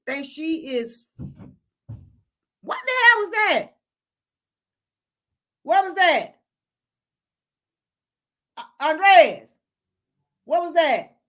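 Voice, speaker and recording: Laughing, lively woman livestreaming. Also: high voice. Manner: laughs often, calls viewers honey and baby. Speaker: livestream host reading viewer comments. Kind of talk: casual livestream chat.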